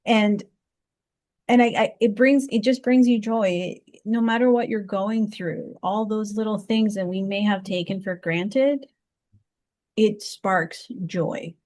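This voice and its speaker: A woman interview guest telling a personal story in conversation, heartfelt, often stopping to restart and repeat words. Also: a little slow. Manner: heartfelt, lively pitch swings.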